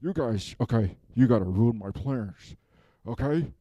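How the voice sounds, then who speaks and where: A man's voice: mid-range voice, expressive, a little slow, warm tone, muffled recording. A man playing a whiny unmasked villain. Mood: whiny, aggrieved. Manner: whiny, rambling, keeps tagging "okay?". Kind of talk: comedic self-tape monologue.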